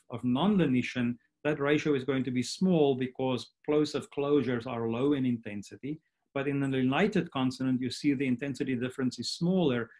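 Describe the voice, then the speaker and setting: A man lectures at an online academic workshop, pitched in the middle range. He explains things step by step and keeps checking in with his listeners by asking "right?". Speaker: guest lecturer.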